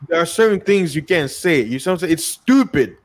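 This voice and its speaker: A man's voice: a little high, animated, brisk. A man from Congo with a Congolese accent, talking casually as a podcast guest. He often repeats words and acts out both sides of the dialogue when he tells a story. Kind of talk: casual discussion.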